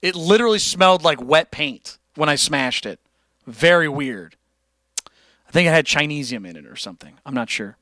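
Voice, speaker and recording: A man's voice: a little high, normal speed, dry recording. A man hosting a casual livestream, chatting loosely and profanely while reading out donations. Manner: loose, profane, animated, reads donations aloud. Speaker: livestream host.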